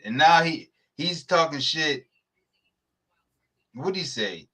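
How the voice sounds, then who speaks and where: A man, co-hosting a sports podcast, ranting about college football schedules in a heated, profane, animated way. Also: fairly high pitch, slow pace, husky. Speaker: podcast co-host. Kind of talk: casual sports debate.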